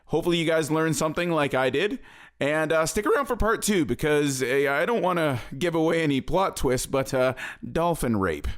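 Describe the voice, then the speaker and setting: A man hosts a casual podcast, cracking jokes with his guest and then wrapping up the episode. His voice sits a bit high and moves all over the place. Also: moderate pace. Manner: joking, lively wrap-up. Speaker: podcast host. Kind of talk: casual podcast chat and sign-off.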